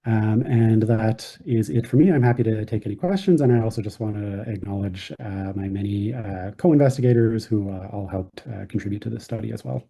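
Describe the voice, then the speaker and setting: A man giving a conference research talk in a very dark, husky voice. He pauses often, filling the gaps with ums and uhs. His pitch sits a little low. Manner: hesitant, many ums and uhs. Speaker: presenting physician researcher.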